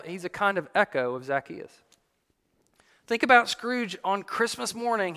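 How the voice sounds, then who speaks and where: A man preaching a sermon, telling a story in an animated way with the odd light laugh. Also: sits high, big-room sound.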